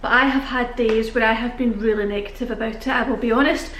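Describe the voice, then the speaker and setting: A woman's voice: fairly high pitch, steady tone, fast, a bit bright, a little hiss or hum. A young British woman chatting casually to camera, out of breath and rambling, laughing often. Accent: British English. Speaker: vlogger. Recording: echoey room.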